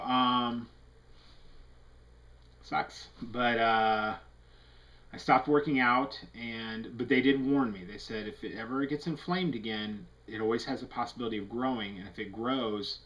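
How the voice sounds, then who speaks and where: A man's voice: mid-range voice, normal speed, fairly bright tone. Rambling man on dull lo-fi audio. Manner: rambling, heavy with fillers and restarts; earnest, candid. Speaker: vlogger. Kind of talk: casual personal health update to camera.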